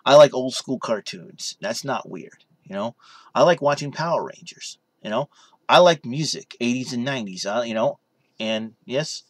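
A man's voice: mid-range voice, dry recording. Young guy rambling on his vlog, voice bounces up and down a lot, dry close sound. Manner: rambling, full of "you know". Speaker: vlogger. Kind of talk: casual vlog chat. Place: his room in his parents' basement.

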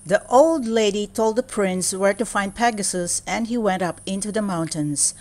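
A woman reading a children's storybook aloud in a steady, clear storytelling manner. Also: mid-range voice, normal speed. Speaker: storybook reader.

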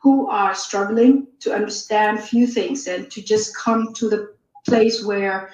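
A woman from Saudi Arabia calls in to a live stream and speaks very slowly and hesitantly, pausing often. Her voice comes through a dull, muffled line, heard from a distance in an echoey room. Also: mid-range voice, fairly even intonation, a little mellow. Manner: hesitant, many ums and restarts.

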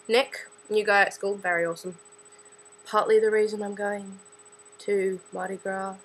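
A woman's voice: mid-range voice, fairly bright tone, a little hiss or hum, low-quality recording. A young woman in her late teens with an Australian accent, chatting in a scattered, self-deprecating vlog into a camera she holds herself. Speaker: student vlogger. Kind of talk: casual rambling vlog.

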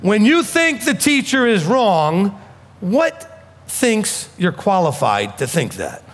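A rabbi with a New York accent gives a blunt, emphatic sermon at a slow pace. His high voice swoops wildly up and down as he drives his points home, and the long reverb of a hall rings around him.

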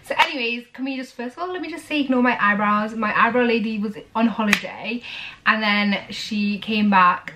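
A woman's voice: medium pitch, normal speed, noisy background. A young woman, chatting casually and rambling to the camera in a vlog. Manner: rambling and chatty, with many fillers. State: tearful and emotional. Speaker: vlogger.

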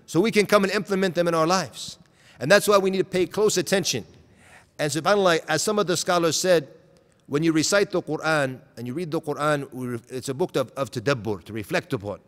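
A man delivering an Islamic lecture with a fairly high-pitched voice, earnest and direct, often asking his listeners rhetorical questions. He weaves Arabic terms into his talk. The sound carries a long reverberant tail from a hall. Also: a bit bright. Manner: mixes in Arabic terms and recited verses. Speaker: preacher.

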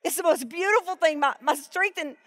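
A middle-aged woman preaching a sermon at a live event, emotional and choked up, swinging between soaring emphasis and hushed reading. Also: extremely high pitch, a little fast. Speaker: Bible teacher.

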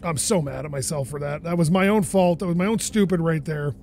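Brisk and fairly high-pitched, a gaming channel host talks to himself through a let's play. He's animated and swears whenever things go wrong. There's slight background noise.

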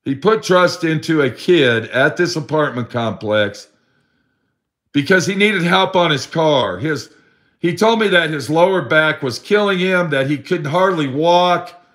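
A man's voice: a little high, lively intonation, a little slow, fairly bright tone. Rambling profane man telling a sad story. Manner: profane, rambling, acts out his friend's voice in quotes. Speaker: vlogger telling a story about a friend. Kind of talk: emotional personal storytelling.

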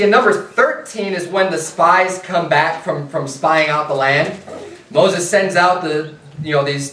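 A pastor with a high, fairly bright voice preaches in a church sanctuary, speaking conversationally and frequently restarting his sentences. The recording is distant and echoey, with a faint hiss beneath it.

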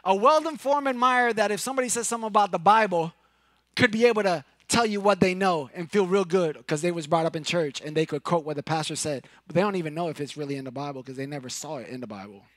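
Pastor from Puerto Rico, male, high-pitched, dry close sound, animated loud-to-hushed sermon delivery. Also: quick pace, no echo. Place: church sanctuary.

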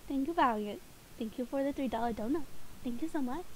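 A high-voiced woman streams a game from home, chatting to viewers in a playful, giggly way. She sounds a little sniffly and groggy. A faint hum sits behind her streaming mic. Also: warm tone. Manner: playful and giggly, quick asides. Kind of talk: casual live-stream chat.

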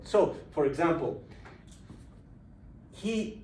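A man giving a university lecture, explaining lively and putting questions to his students in a lecture room. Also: sits high, moderate pace, distant mic. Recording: echoey room recorded from afar, faint noise.

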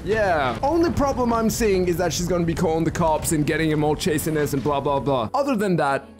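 Excitable man commentating a game. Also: a little high. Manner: excitable, slangy, reacts out loud. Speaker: gaming commentator. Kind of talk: let's play commentary.

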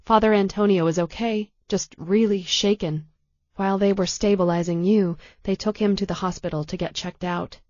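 A woman reading an audiobook voices a female detective, speaking softly and emotionally, close to tears. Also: mid-range voice, steady tone, normal speed, no room sound, muffled recording, natural voice. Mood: tender. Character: female detective, tender and frightened for her partner.

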